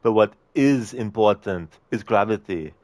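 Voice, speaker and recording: A man putting on a slow, menacing action-hero voice. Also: lowish voice, a little mellow, dry recording, lightly acted. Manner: slow, heavy, menacing delivery. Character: gruff tough-guy action hero, male, adult, menacing.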